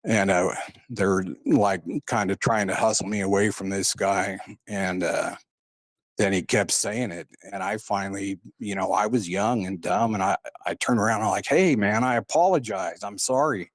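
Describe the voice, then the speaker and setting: A man's voice: low-pitched, steady tone, normal speed, no echo, clean studio sound. A man telling a personal story in a casual, rambling way, full of "uh" and "and, uh". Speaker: guest recounting a paranormal experience.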